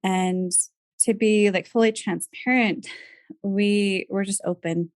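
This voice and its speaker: A woman in her thirties, a podcast guest, telling a personal family story in a soft voice and laughing through tears. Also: mid-range voice, steady tone, slow, no echo.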